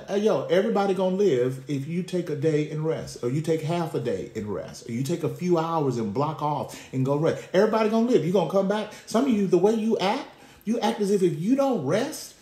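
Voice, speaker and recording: A male pastor preaching a sermon in a lively, conversational way, full of street slang and direct talk to the congregation. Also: mid-range voice. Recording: roomy echo.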